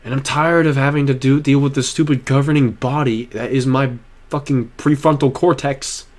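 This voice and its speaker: A young man speaks to camera in his personal vlog, earnest and emotional, rambling and frequently starting over. He has a medium-pitched voice with a steady tone and a moderate pace.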